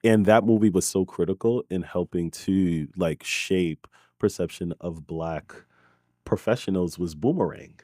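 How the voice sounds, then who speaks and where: A man's voice: low voice, unhurried, dark tone, dry recording, clean studio sound. A man in his thirties from Brooklyn, talking earnestly as a podcast guest and often checking in with "right?" and "you know". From Brooklyn, New York. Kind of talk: conversational interview. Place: recording studio.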